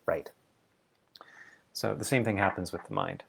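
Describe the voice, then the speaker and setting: A man hosts a reflective solo talk and thinks aloud with playful asides. His voice sits low and carries a steady vocal fry, and he lets his thoughts unfold at an exploratory pace. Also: measured pace, a little hiss or hum. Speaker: vlog host.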